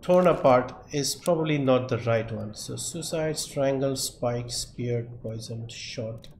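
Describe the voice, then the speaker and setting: A man's voice: medium pitch, takes it slowly, darkish tone. A man streaming a game live, thinking aloud and muttering options to himself. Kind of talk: live gameplay commentary. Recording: echoey room, faint background noise.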